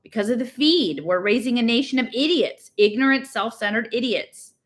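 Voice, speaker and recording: An earnest, worried teenage girl who reads everything, her voice at an ordinary middle pitch and plain in tone, as a woman reading aloud puts her on. She presses her points insistently and seriously. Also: animated, brisk, fairly bright tone, natural voice.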